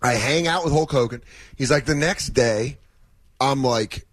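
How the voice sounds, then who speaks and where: A man's voice: mid-range voice, measured pace. A man appearing as a comedian guest in a radio interview, telling jokey stories in a casual chat. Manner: animated, jokey storytelling with impressions.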